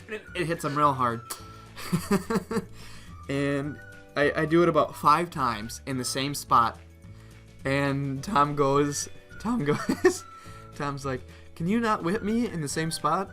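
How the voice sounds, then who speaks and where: A man's voice: fairly high pitch, slow, long pauses, faint music behind. A young man casually telling a prank story as a vlogger, laughing often and acting out what others said. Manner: animated, laughs often, reenacts others' lines.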